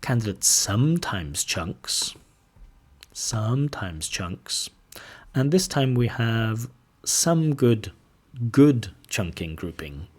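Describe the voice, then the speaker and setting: A man who is an IELTS teacher and examiner, explaining speaking criteria to camera in a relaxed, conversational way. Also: mid-range voice. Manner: relaxed, conversational, with fillers and asides.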